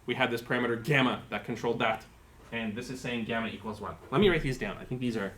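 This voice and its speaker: A man's voice: medium pitch, a bit bright, slight background noise. A man giving a university lecture, explaining terms step by step and thinking aloud with fillers. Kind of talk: live-coded lecture.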